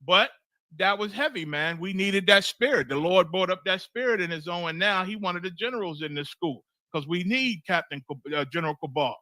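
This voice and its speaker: A man's voice: high-pitched, animated, brisk, bright, forceful tone, dry recording. A man teaching a scripture class in a sermon-like way, blunt and emphatic, swearing freely and repeating phrases for emphasis. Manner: emphatic, blunt, swears freely, keeps asking "you understand?".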